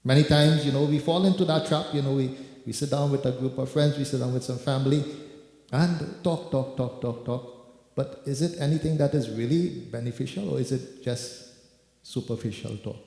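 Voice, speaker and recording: A preacher leading kirtan in a temple hall speaks to his devotees, repeating words for emphasis. His voice is medium-pitched with vocal fry and a dark tone, at a normal speed. Music plays and the hall echoes.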